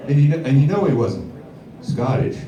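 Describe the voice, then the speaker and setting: A man doing a stand-up set at a comedy club, with a rambling, deadpan delivery full of fillers. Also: medium pitch, moderate pace, dull audio, noisy background. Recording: echoey club, heard from far off.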